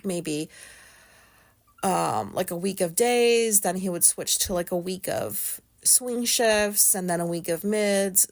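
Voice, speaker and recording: A woman in her forties speaks in a loose, personal podcast monologue. She is blunt and curses freely. Her sentences start, stall and restart around plenty of fillers. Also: mid-range voice. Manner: frank and blunt, swears freely, halting with many fillers. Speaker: podcast host.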